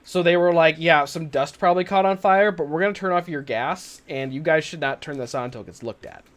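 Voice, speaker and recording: A man's voice: a little high, a little fast, a bit bright. Young man hosting a casual stream podcast. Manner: laughs often, loose storytelling. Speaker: podcast host. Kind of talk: casual chat on a live stream.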